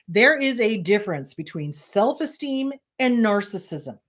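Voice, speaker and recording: Blunt, animated woman therapist. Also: mid-range voice, normal speed, hardly any pauses. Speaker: therapist and host. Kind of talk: casual advice talk answering viewer questions.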